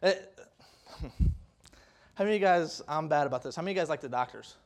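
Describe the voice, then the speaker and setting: A young man preaching a folksy sermon, rambling with restarts and rising to loud, emphatic peaks. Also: a little high, animated, fast.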